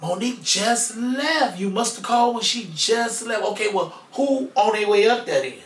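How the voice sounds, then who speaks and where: A man on a podcast telling a personal story in a casual, profane way, going from loud to hushed. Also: high-pitched, animated, normal speed. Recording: echoey room, mic far off, faint noise.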